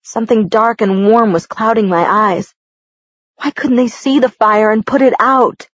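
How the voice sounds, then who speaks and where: A woman with a husky voice reading a first-person novel aloud, voicing the dialogue as she goes. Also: on the high side, a little slow, dry recording. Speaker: audiobook reader. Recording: dull lo-fi recording.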